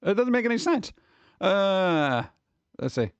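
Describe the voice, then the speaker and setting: Animated high-voiced man streaming. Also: measured pace, clean tone, no echo, lo-fi sound. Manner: rambling and animated, reads chat aloud. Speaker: live streamer chatting with viewers. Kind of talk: casual stream chat.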